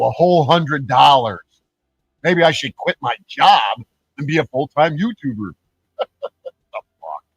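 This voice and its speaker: On his own channel, a YouTuber delivers an angry, profane vlog rant, taunting and mocking the people he calls out. His mid-range voice is a bit bright, and the dry recording has poor audio quality.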